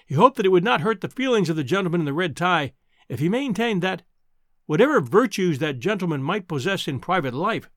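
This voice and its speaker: A man narrating a classic novel aloud in a measured, expressive way. His voice sits a little high and swings widely in pitch. The recording is dry and close, with no room sound. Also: no room sound. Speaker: audiobook narrator.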